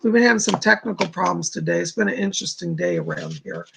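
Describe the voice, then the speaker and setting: Gravelly-voiced man chatting on a livestream. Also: high-pitched, huge pitch swings, fast, background noise. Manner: chatty, rambling, reads chat aloud. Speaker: livestream host and psychic. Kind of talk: casual livestream chat. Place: home studio.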